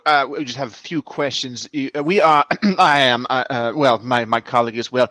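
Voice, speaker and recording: A man's voice: medium pitch, moderate pace, hardly any pauses, pushed and bright, no room sound. A man role-playing a flustered, pompous inspector in a tabletop game, stammering through his lines. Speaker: player. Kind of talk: in-character role-play.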